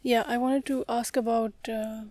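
A female interviewer speaks in a fairly high voice that stays flat and even. She is soft and hesitant, with fillers. The recording is dry and close. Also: moderate pace, no echo. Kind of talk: conversational interview question.

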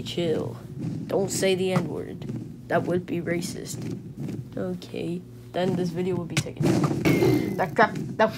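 A woman giving gameplay commentary to her viewers, swinging from low muttering to excited squealing shouts. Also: normal speed, long pauses, noisy background. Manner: talks to viewers as guys. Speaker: gaming channel host.

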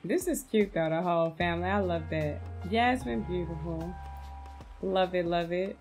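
A woman's voice: on the low side, normal speed, darkish tone, soft background music. A woman giving casual, gushing commentary on a video game, chatting to her viewers and calling them "y'all". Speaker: game content creator.

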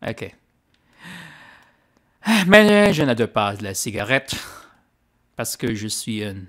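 A man putting on a hammy French-speaking gentleman persona during a gaming livestream, with theatrical, sing-song exclamations. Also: on the low side, very animated, slow pace, exaggerated voice. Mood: playful.

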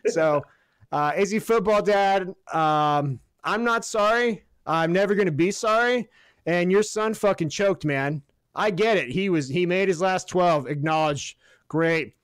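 A man on a podcast, his voice pitched high for a man, tearing into a football loss. He talks in a heated, sarcastic way, swears freely and pushes toward shouts. The sound is close and dry, with no room around it. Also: a little slow, clean tone, no echo. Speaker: podcast co-host. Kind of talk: profane sports rant.

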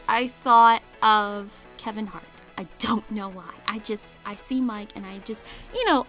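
A woman's voice: fairly high pitch, pushed and bright. A woman host rambling casually about her drawings, giggling often and second-guessing herself. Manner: rambling, giggly, self-conscious. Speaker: art channel host. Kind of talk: casual voice-over commentary.

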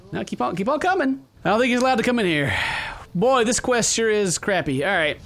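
A young man commentating his gameplay, goofy and excitable, talking back to the characters on screen. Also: high-pitched, quick pace. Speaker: gaming video host. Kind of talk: game commentary.

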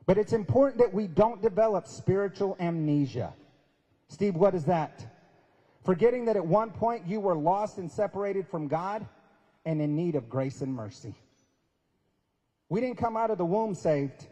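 A man gives an emphatic, sermon-style talk with folksy humor. His voice sits fairly high but sounds mellow and a little husky. A long hall reverb follows his words. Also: expressive, moderate pace. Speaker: guest speaker. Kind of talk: sermon-style speech at a prayer breakfast. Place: large event hall at a university.

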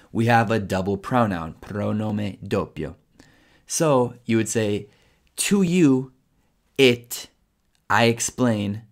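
A man teaching a language lesson, explaining grammar step by step and patiently repeating each phrase slowly. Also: fairly low pitch.

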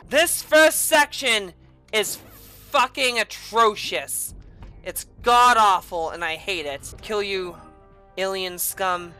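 A young woman giving rage-filled gameplay commentary as a host, swearing and yelling at the game. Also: medium pitch, slow, soft background music. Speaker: gaming video host.

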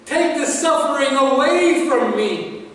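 A man's voice: very high voice, lively intonation, slow pace, fairly bright tone, recorded from a distance, a little hiss or hum, pitched above the performer's own voice, exaggerated voice. A man voicing Jesus in anguished prayer, half singing the plea, in an echoey hall. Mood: pleading. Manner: sung, pleading prayer.

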